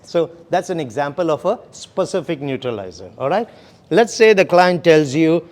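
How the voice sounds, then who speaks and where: A man's voice: fairly high pitch, sing-song, normal speed, darkish tone. A man leading a sales training session, explaining steps and often checking in with "okay?" and "right?". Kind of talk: classroom training lecture.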